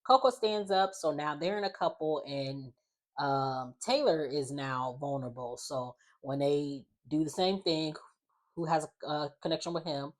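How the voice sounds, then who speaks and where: Low-voiced chatty woman recapping a show. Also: measured pace. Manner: chatty, heavy use of "like", animated quoted voices. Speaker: recap vlogger. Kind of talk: casual reality TV recap.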